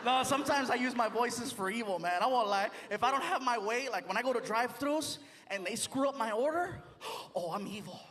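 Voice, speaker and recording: A man doing live stand-up comedy, telling stories in an animated way and doing voices. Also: very high voice, fairly quick, long reverb tail, background noise. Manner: animated storytelling, does voices. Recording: live stage mic, loud audience.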